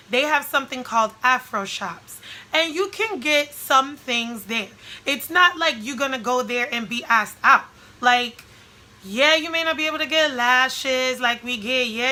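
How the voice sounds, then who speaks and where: A woman vlogging casually to camera, frank and emphatic with rambling asides, her voice slightly hoarse and a little short of breath. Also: fairly high pitch, pushed and bright, poor audio.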